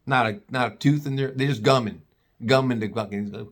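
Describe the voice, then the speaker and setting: A man telling a funny story in a casual, animated way, mocking the people in it and swearing freely. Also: medium pitch, normal speed.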